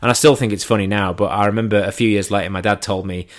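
A man's voice: lowish voice, fairly even intonation, fast. An English man in his thirties telling comic stories in a dry, self-mocking way, swearing casually. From England. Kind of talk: comic storytelling.

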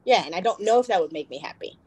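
A woman's voice: on the low side, very fast, husky, no echo, rough recording. A young woman co-hosting a podcast in casual chat, rambling and correcting herself as she goes. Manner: rambling, self-correcting, animated quoting. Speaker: podcast co-host.

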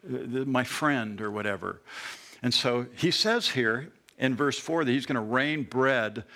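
Bright-voiced man preaching conversationally. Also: mid-range voice. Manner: conversational preaching with animated asides. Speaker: pastor. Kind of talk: sermon.

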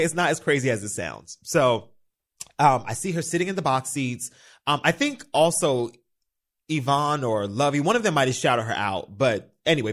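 A young man hosting a solo podcast, talking in a loose, animated way. His voice climbs and dips a great deal as he chats, and he swears freely. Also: medium pitch. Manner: animated, chatty, swears freely, quotes himself in little voices. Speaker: podcast host. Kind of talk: casual solo podcast chat.

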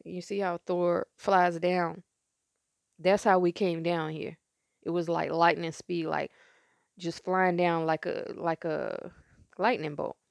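Congested woman, low, casual rambling. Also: vocal fry, a little mellow, no echo, studio quality. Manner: loose, rambling and conversational. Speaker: podcast host. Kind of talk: casual spiritual storytelling.

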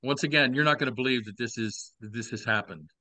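Quick and bright, his medium-pitched voice sounds pushed, with no room sound around it. The speaker is a podcast host in his sixties from Texas, Southern accent intact, casually telling old stories and slipping in wry, playful asides.

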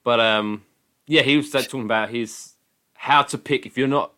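A man's voice: medium pitch, moderate pace, pushed and bright. A man hosting a podcast in casual chat, blunt and sweary, asking wry questions. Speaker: podcast host.

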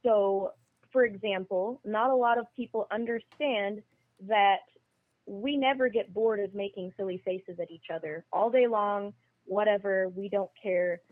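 A woman's voice: mid-range voice, unhurried, no echo. A woman guest on a podcast, talking casually and bluntly. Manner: blunt, emphatic opinions. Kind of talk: casual conversation. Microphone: phone call. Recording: tinny phone line.

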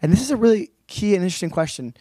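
A male preacher teaching through a Bible passage in a relaxed, conversational sermon, explaining with slangy asides. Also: high-pitched, very fast, dry recording.

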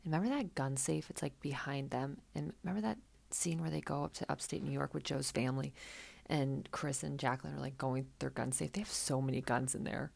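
A woman's voice: extremely low pitch, fairly even intonation, fairly quick, vocal fry, a little mellow. A woman hosting a podcast, recapping a reality show in a chatty, sarcastic, casual way. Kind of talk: casual chat.

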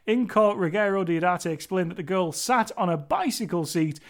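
A man's voice: high voice, lively intonation, a little fast. A man hosting a solo podcast, chatting casually and enthusiastically as he reviews a film, rambling with restarts. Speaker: podcast host.

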